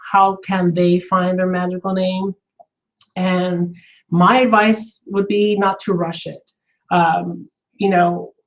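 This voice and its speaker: A woman vlogger telling a personal story in a casual, earnest way, rambling with frequent fillers and restarts. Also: on the low side. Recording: slightly dull lo-fi recording.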